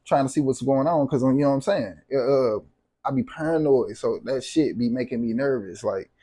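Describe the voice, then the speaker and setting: A man's voice: medium pitch, normal speed, dark tone, breathy edge, no room sound. A man vlogging to camera, venting in a heated, profane, repetitive way.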